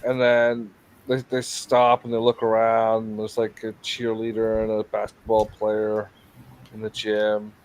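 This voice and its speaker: A man's voice: lowish voice, completely flat delivery, measured pace, darkish tone, poor audio. A man hosting a casual livestream chat on a video call, rambling through a story with restarts and jokey asides. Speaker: show host.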